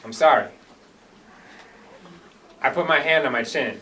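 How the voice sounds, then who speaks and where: A man's voice: mid-range voice, a little slow, sharp tone, a little hiss or hum. A man performing an earnest first-person dramatic monologue after a hesitant introduction. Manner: earnest storytelling, hesitant fillers when introducing. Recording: distant microphone.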